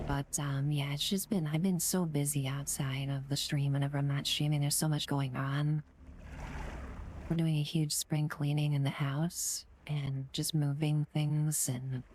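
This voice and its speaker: A woman streaming from home, chatting casually with her viewers, often slipping into breathy whispered asides and gushing thank-yous. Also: low voice, darkish tone, a little hiss or hum. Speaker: live streamer. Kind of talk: casual chat with live viewers.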